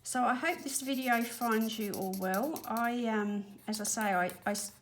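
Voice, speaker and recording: A woman's voice: a little high, measured pace, slight background noise. An Australian woman chatting casually while colouring at home, a bit breathless and apologetic, rambling as she works. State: slightly out of breath. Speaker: colouring channel host. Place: home spare room studio.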